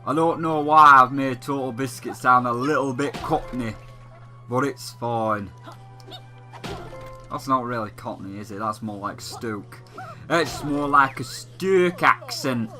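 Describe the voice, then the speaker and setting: A man's voice: medium pitch, sharp tone. A young man giving casual, rambling commentary while playing a video game. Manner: rambling and chatty, quick bursts. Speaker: let's play gamer. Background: faint game music.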